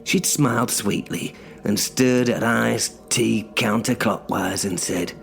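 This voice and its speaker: A man playing a gravelly, bitter cursed sorcerer. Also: fairly low pitch, slow pace, a bit bright, soft background music, exaggerated voice. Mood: sardonic grumbling. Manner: sardonic, sweary, grumbling. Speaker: first-person narrator. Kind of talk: audio drama narration.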